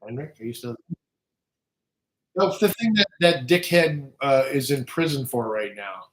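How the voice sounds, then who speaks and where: A man's voice: mid-range voice, animated, moderate pace. A man chatting casually on a livestream as a guest, profane, rambling and joking as he reads comments. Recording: echoey room.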